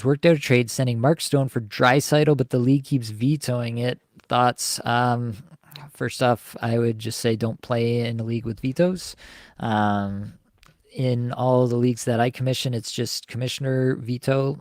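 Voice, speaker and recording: A man hosting a live fantasy hockey podcast, talking through player analysis and listener questions in a measured way with frequent ums and uhs. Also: medium pitch, a little mellow, no room sound, clean studio sound.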